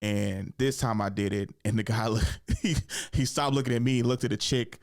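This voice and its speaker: A man's voice: mid-range voice, normal speed, gravelly. A young adult man, a comedian and host, talking casually and animatedly in a solo monologue, laughing often and putting on voices.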